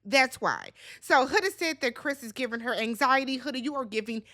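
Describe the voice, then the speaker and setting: A woman with a high voice recaps a reality show in a casual vlog. She is blunt, sassy and freely profane, and she talks straight at her viewers as if they were friends. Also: very animated, brisk, bright, forceful tone.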